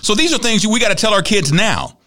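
A middle-aged man hosting a talk show, telling stories in a chatty, animated way and acting out the people he quotes. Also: sits high, fairly quick. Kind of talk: conversational monologue.

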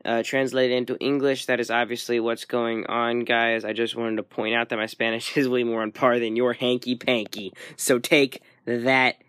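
Smooth, dry-voiced male caller. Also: medium pitch, level tone, moderate pace, few pauses, fairly bright tone, no room sound. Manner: playful, boastful banter. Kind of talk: casual call-in message.

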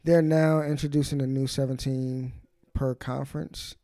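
Podcast co-host, male; raspy, dark, easygoing sports chatter. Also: medium pitch, little pitch movement, moderate pace, no echo. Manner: laid-back, slangy banter. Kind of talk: casual sports chat.

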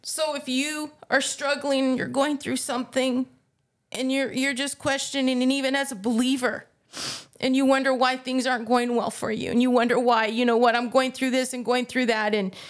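Sitting high with a level tone, this woman's voice moves at a moderate pace. A faith podcast co-host, she tells her own testimony earnestly and presses listeners to act, with real emotion showing.

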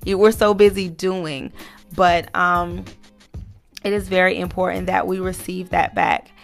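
A woman hosts her own podcast in a relaxed, heartfelt monologue, full of "you know" and "um". Her voice has a gravelly fry to it, and soft music plays faintly underneath. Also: on the low side, a little slow. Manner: earnest, motivational, many fillers. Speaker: podcast host. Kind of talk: casual encouraging monologue.

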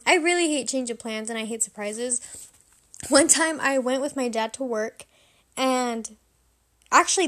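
High-voiced young woman telling a story. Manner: rambling, self-deprecating, animated when quoting herself. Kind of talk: casual personal storytelling.

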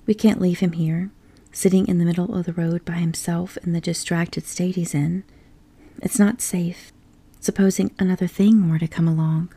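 A gentle male mole frets in an anxious whisper, as a woman acts him out. This whispered role-play of a storybook has a low, gravelly texture. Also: steady tone, moderate pace. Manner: anxious, worried.

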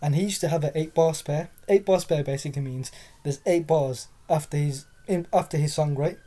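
A woman's voice: sits low, brisk, dark tone. A young woman telling a rambling story in casual chat, full of fillers and swearing. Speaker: podcast co-host.

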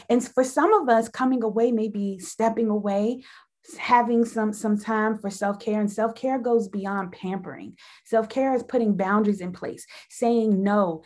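A woman's voice: fairly high pitch, normal speed, a little mellow. Emphatic, preacherly woman on faith. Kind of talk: faith-based conversation.

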